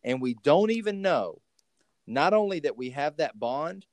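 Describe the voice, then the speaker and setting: A man from Texas hosting a casual recovery podcast from home over a call, telling stories in an animated way with many restarts. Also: fairly high pitch, unhurried, dry recording. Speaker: podcast host.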